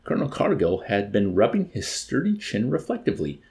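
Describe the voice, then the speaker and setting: A man's voice: lowish voice, wildly swooping pitch, fairly quick, darkish tone. A man reading a novel aloud expressively, then chatting about it casually as co-host. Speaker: reader and co-host.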